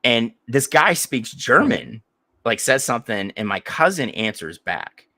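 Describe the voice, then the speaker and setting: A man's voice: mid-range voice, very animated, measured pace, bright, forceful tone, no room sound. A man telling a crude, rambling story in casual chat as a podcast co-host.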